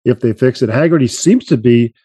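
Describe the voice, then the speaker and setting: A man hosts a casual podcast with a dark, mellow tone. His voice sounds dry and close, and he questions his guest with eager curiosity. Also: medium pitch, a little fast, husky, no room sound. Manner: eager interviewer, chatty. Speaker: podcast host.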